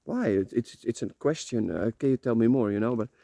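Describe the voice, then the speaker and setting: Brief: man, mellow low-brightness tone, rambling confessional vlogger, repeats himself, swears freely, dry close sound. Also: expressive, fairly quick, gravelly, dry recording. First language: Dutch. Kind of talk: emotional personal vlog monologue. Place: rented room.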